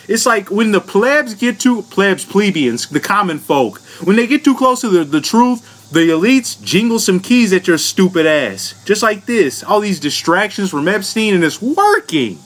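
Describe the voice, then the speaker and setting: High-voiced man ranting with profane mockery. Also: fairly bright tone. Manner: profane, mocking, laughing, talks down to viewers. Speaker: vlogger. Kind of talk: comedic commentary rant.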